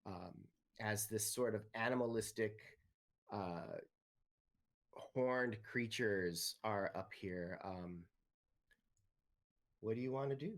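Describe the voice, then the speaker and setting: A man running a tabletop game as game master, talking in a relaxed way with many ums and uhs. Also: fairly low pitch, slow pace, long pauses.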